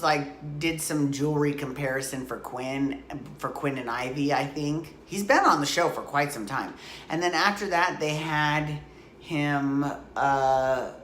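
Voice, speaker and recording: A woman's voice: low-pitched, a bit bright, reverberant, a little hiss or hum. A woman vlogger giving a casual, opinionated recap of a soap opera, full of chatty asides.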